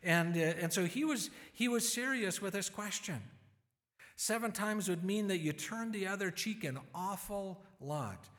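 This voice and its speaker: A man preaching a sermon, retelling scripture in lively everyday words and voicing its people. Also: sits high, a little slow, big-room sound.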